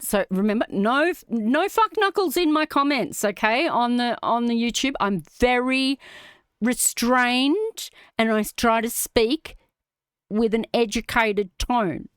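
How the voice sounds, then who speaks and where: A woman's voice: fairly high pitch, takes it slowly, clean tone, no room sound, clean studio sound. A middle-aged Australian woman hosting a livestream, ranting indignantly and swearing as she reads comments aloud. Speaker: livestream host.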